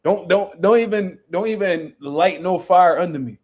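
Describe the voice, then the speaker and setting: Brash, profane man, slightly high voice. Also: moderate pace, a little mellow. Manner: profane, boastful, rambling storytelling. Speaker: boxing channel host. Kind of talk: casual livestream chat.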